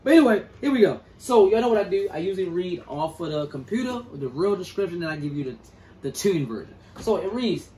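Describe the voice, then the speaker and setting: A man's voice: high voice, big pitch swings, quick pace, mellow, a little hiss or hum. A man casually reviewing sneakers, reading product details aloud and stumbling over words.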